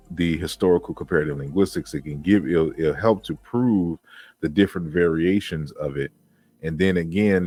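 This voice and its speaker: A man's voice: a bass voice, a little mellow. A man giving an informal online lecture on historical linguistics, walking through slides and reading out word meanings, with frequent fillers and restarts.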